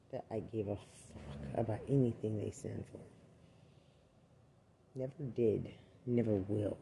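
A man's voice: mid-range voice, vocal fry, warm tone, slight background noise. A man and army veteran delivering an angry, accusatory rant full of swearing. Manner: furious, accusatory, swears constantly.

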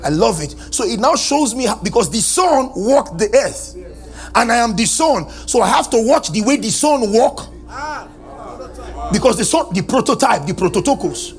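High-voiced preacher. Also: male voice, lively intonation, moderate pace, soft background music. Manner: call-and-response preaching, sing-song swings into shouting. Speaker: pastor. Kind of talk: sermon. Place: church service.

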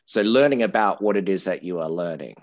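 A male English teacher talks through ideas in a relaxed, explanatory way. His voice sits very low, and he often restarts phrases and repeats words. The recording is dry and close. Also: a little fast, no room sound, muffled recording. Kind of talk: casual explanatory chat.

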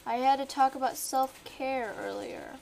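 A woman's voice: high-pitched, huge pitch swings, unhurried, darkish tone, a little hiss or hum. A woman chatting playfully and dramatically while playing a game on a podcast. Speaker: gamer on a podcast. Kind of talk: casual chat while playing.

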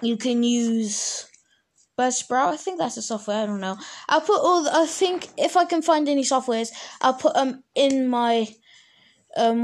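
A woman hosting her own podcast, chatting casually and rambling, often stopping to correct herself. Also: on the high side. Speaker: podcast host. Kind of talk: casual solo podcast chat.

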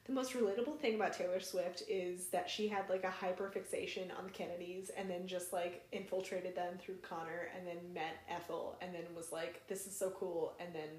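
A woman's voice: fairly low pitch, little pitch movement, a little mellow. Young woman cohost, laughs a lot, chatty, kinda echoey room. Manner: laughs along, quick reactions. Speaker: podcast co-host. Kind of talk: casual chat. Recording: roomy podcast recording.

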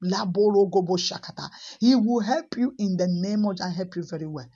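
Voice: mid-range voice, expressive, brisk, warm tone, breathy edge, muffled recording. A preacher giving a repetitive, exhorting sermon and praying over listeners, breaking into tongues now and then. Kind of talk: sermon with prayer.

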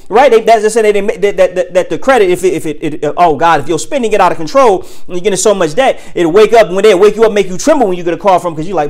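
An animated preacher whose pitch swings widely as they speak. They throw rhetorical questions at the audience in loose, everyday speech, then slow right down to stress each word of a scripture reading. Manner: rhetorical questions addressed to listeners; reads scripture slowly and emphatically.

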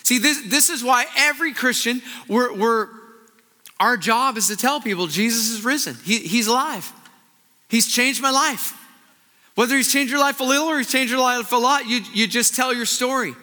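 Bright-voiced man preaching a sermon. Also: normal speed, big-room sound. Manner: earnest preaching that swings to hushed, intense low passages. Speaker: pastor.

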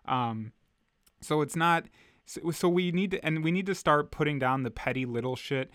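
A man's voice: fairly high pitch, moderate pace, fairly bright tone, dry recording, studio quality. A man co-hosting a podcast, talking earnestly and with frustration, often restarting his sentences. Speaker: podcast co-host. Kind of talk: casual podcast chat.

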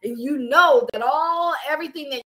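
A woman giving an energetic, casual motivational faith talk as a coach, preaching with slang. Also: sits high, normal speed.

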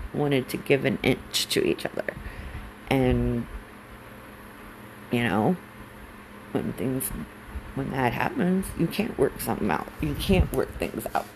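A woman's voice: very deep voice, gravelly, darkish tone, a little hiss or hum, low-quality recording. A woman in her forties, a military spouse, talking candidly and emotionally about her own life, blunt and swearing when angry. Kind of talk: candid personal monologue.

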